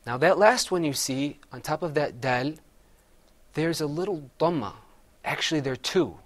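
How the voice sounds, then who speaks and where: A man's voice: fairly high pitch, lively intonation, moderate pace, a crowd in the background. Patient man teaching recitation. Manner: patient, has students repeat words after him. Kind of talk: classroom recitation lesson.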